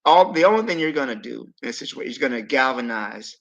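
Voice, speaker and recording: A man hosting a livestream panel discussion, speaking emphatically with sudden swings between loud and quiet. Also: mid-range voice, animated, quick pace, vocal fry, poor audio. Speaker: podcast host.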